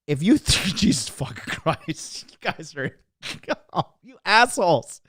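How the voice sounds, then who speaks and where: A man's voice: a little high, very animated, slow pace, fairly bright tone, slightly rough, no room sound, clean studio sound. A man in his thirties hosting a live stream, talking casually in an emphatic, profane, preachy way. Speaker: host.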